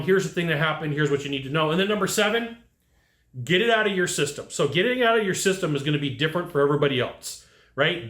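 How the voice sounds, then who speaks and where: A man giving casual advice to HVAC technicians, telling lively work stories and acting out what people said. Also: a little high, echoey room. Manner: animated storyteller who acts out quotes. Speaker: HVAC sales trainer.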